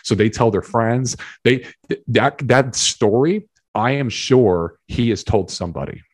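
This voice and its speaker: A man's voice: medium pitch, unhurried, dry recording, clean studio sound. A man talking as a podcast guest, telling stories and acting out the people in them. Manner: animated storyteller, acts out quotes. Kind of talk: casual conversation.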